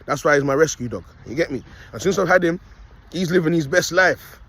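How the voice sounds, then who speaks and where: A man's voice: fairly high pitch, lively intonation, a little fast, a bit bright, slightly rough. A young man, rambling in a casual preaching monologue full of street slang and repeated "you get me". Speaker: self-styled prophet vlogger.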